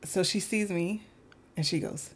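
A woman's voice: lowish voice, a little slow, husky. A woman co-hosting a casual podcast, telling funny stories about her children and laughing often. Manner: laughs often while storytelling. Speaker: podcast co-host, mother. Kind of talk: casual chat.

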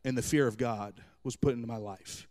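Male pastor, thirties, storytelling sermon, animated, self-mocking humor, mid pitch. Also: a little fast.

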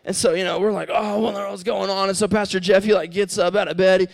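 High-voiced animated youth pastor man. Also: quick pace, creaky. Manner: animated storyteller, acts out dialogue with rising voice. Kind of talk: storytelling youth sermon.

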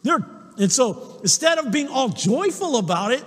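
A man's voice: high-pitched, expressive, moderate pace, long reverb tail. A male pastor preaching a sermon, emphatic, often asking the congregation "Amen?". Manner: emphatic preaching, repeated call-and-response "Amen?". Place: church sanctuary.

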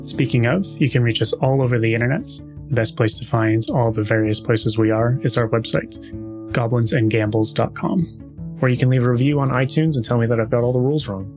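A man's voice: mid-range voice, brisk, music in the background. A man hosting a podcast and narrating as game master, talking in an easygoing way with frequent filler sounds. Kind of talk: casual podcast chat and tabletop game narration.

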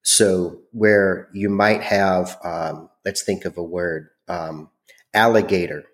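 A man's voice: low-pitched, fairly even intonation, takes it slowly. A man hosting a podcast in casual chat, carefully restating points, with fillers. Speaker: podcast host.

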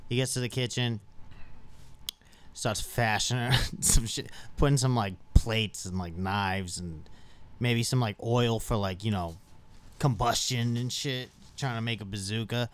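A man's voice: mid-range voice, fairly even intonation, measured pace, smooth. A man on a casual podcast narrating a goofy scene loosely, full of "like" and "you know.". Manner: loose, filler-heavy storytelling. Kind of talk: casual crude chat with friends.

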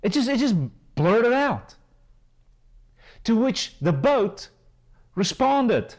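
Man, preacher, sermon, fairly high voice, impassioned, loud-to-hushed swings. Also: very animated, slow pace, pauses often, rough recording. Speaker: pastor and Bible school teacher.

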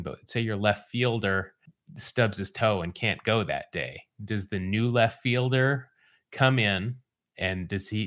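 A man hosting a podcast, relaxed storytelling with dry asides in casual chat. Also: fairly low pitch. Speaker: podcast host.

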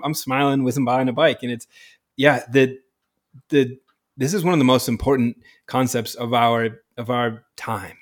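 A man hosting a casual podcast conversation, talking enthusiastically and laughing often between thoughts. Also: medium pitch.

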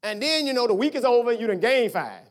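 A middle-aged pastor preaches quickly in a mid-range voice. He keeps the sermon conversational and animated, firing rhetorical questions at the congregation.

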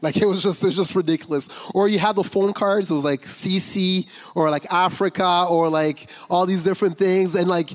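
Man, pastor, candid testimony, slightly high voice, long church-hall reverb. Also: steady tone, fairly quick, hardly any pauses. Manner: candid, conversational, many fillers and restarts. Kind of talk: personal testimony sermon. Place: church sanctuary.

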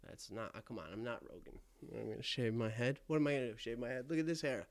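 A young man talks at a mid-pitched, everyday level while standing in his attic, hosting his podcast. He rambles, stutters and keeps cracking self-deprecating jokes at his own expense. The sound is dry and close, with no room echo. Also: lively intonation, fast talker, few pauses. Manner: self-deprecating, stammering, jokey asides. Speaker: podcast host. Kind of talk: rambling comedic podcast monologue.

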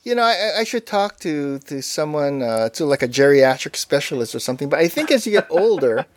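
A man with a slightly high voice chats casually about apps and software, drifting through asides as he goes. His delivery is easygoing and rambling. The sound is dry and close, with no room echo. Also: big pitch swings, a little fast. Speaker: podcast co-host. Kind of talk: casual tech chat.

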